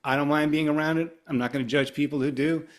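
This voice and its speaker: A man's voice: on the high side, fast talker. A middle-aged man from Ohio, a guitarist being interviewed, telling long rambling stories in casual chat and acting out the people he quotes. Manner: rambling, animated, acts out quoted voices. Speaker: guest guitarist.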